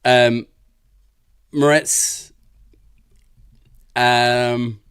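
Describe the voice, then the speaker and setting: A man's voice: mid-range voice, little pitch movement, drawn-out words, fairly bright tone, smooth, no room sound, clean studio sound. A man with an Irish accent co-hosting a casual podcast, hesitant and self-mocking. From Ireland. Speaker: podcast co-host. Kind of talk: casual roundtable chat.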